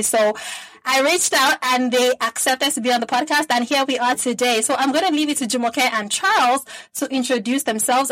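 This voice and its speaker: A woman hosts a casual faith podcast with a voice a little higher than most. She sounds eager and affirming and keeps the talk friendly. The sound is dry and close, with no room echo. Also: a bit bright. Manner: enthusiastic, affirming with frequent "I love it". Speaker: podcast host. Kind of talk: casual conversational interview.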